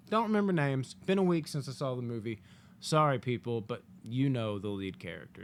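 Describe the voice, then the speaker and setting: Animated, foul-mouthed male movie reviewer. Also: medium pitch, slight background noise. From United States. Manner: animated, profane, jokey asides with acted-out quotes. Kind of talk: casual spoken movie review.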